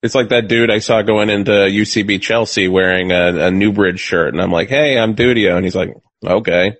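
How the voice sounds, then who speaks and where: A man on a show's crew, chatting casually with a laid-back manner and quick chuckles while he tells anecdotes. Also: on the low side, a bit bright, no room sound. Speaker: show crew member. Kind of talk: casual chat.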